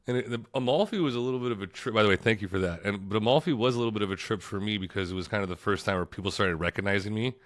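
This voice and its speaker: A man's voice: on the low side, rapid-fire, hardly any pauses. A man, a travel creator telling stories as a guest in a casual podcast interview, laid-back, laughing often and calling people dude.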